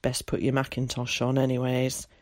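A reader voicing a gruff, kind old countryman who speaks tersely in rural dialect, in an audiobook. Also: mid-range voice, monotone, normal speed, no room sound, studio quality, pitched below the performer's own voice, natural voice. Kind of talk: audiobook character voice.

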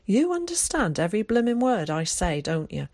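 A woman reading the lines of a gruff, lonely old countryman who mutters in rough rural speech. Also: mid-range voice, big pitch swings, moderate pace, a little mellow, dry recording, clean studio sound, voice pushed up. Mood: gruff muttering.

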